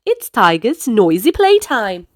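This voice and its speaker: A woman reading picture books aloud to children in an animated, sing-song way. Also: a little high, slow, background noise. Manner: animated, sing-song, playful sound effects. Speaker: storyteller. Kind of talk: picture-book read-aloud for kids.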